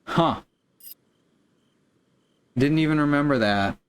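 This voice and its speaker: A man's voice: mid-range voice, measured pace, a bit bright. A man streaming a video game, giving casual commentary with wry, joking asides.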